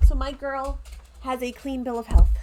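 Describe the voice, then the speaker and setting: A woman's voice: sits high, flat delivery, moderate pace, dark tone, slight background noise. A woman co-hosting a casual crafting chat, playful and self-mocking. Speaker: co-host.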